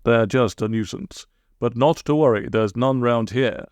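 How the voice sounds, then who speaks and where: A man reading a storybook, voicing Friday, a brave but daft old man who talks slowly and blusters with silly exclamations. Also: medium pitch, darkish tone, no echo, clean studio sound, lightly acted. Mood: reassuring.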